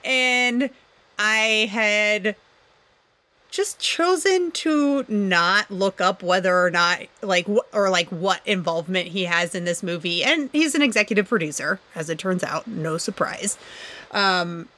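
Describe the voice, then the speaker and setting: Woman podcast co-host, bright and tense in tone, rambling and sarcastic, quick to laugh. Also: medium pitch, expressive. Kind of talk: casual chat.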